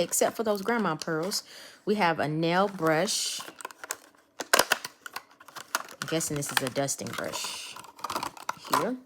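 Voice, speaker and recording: A woman's voice: low-pitched, takes it slowly, pauses often, very noisy. A woman chatting casually to her viewers while unboxing nail supplies. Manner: chatty, talks to viewers as y'all. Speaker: nail art vlogger.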